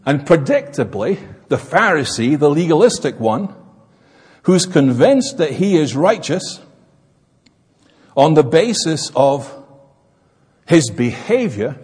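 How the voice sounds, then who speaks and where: A man's voice: on the high side, very animated, takes it slowly, pauses often, a little mellow, breathy edge. A man preaching a sermon in an emphatic, explanatory manner, recorded in an echoey hall. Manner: emphatic, expository.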